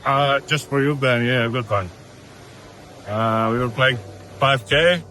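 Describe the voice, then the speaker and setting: Bright-voiced man, halting speech. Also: mid-range voice, slight background noise. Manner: halting, searching for words. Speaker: poker player recounting a hand. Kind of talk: casual anecdote.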